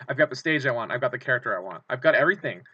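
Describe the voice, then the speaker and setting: A man hosts his own channel and talks through excited fan commentary, rambling and restarting with plenty of fillers. His voice is bright and forceful and sits at an ordinary pitch. The audio is dry and close, with a dull, lo-fi sound. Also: rapid-fire, breathy edge, dry recording. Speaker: channel host.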